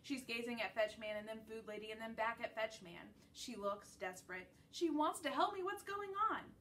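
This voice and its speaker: Teacher lady reading a kids' book aloud, gentle, mic a bit far off, faint hiss behind. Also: fairly high pitch, moderate pace. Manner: gentle, storytelling read-aloud. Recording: distant mic with faint background noise.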